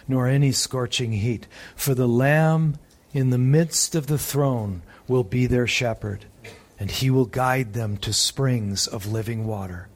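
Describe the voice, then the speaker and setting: Male preacher, mid-pitched, slow and deliberate, leans on pauses while reading scripture. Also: breathy edge. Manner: reads scripture aloud with emphatic pauses. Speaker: pastor. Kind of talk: sermon.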